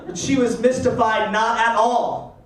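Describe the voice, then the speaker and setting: A man doing a stand-up comedy set, telling stories in an animated way and slipping into put-on voices. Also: very high-pitched, measured pace. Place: comedy stage before a live audience. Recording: roomy, distant mic with audience laughter.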